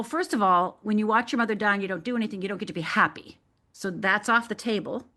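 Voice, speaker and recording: Woman, from Michigan, life coach guest, radio interview, dramatic storytelling, acts out voices, mid-pitched. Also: fairly bright tone.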